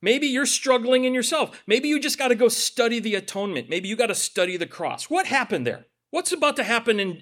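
Male pastor, conversational sermon, animated, voice pitched high. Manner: animated, conversational preaching with asides and acted quotes.

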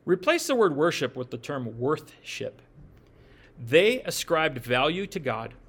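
Folksy man preaching, fairly high voice. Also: big pitch swings, a little slow, fairly bright tone. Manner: folksy, asks the listeners questions, jokes in asides. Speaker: pastor. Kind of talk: conversational sermon.

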